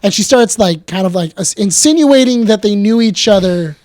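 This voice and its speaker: A podcast co-host chatting casually, retelling a story in an animated way with frequent restarts. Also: mid-range voice, moderate pace, no echo. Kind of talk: casual chat.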